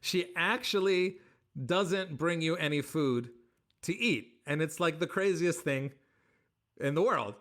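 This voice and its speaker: A comedian man answering interview questions with animated, joking stories, acting out bits of dialogue. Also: fairly high pitch, unhurried. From United States. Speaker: comedian guest.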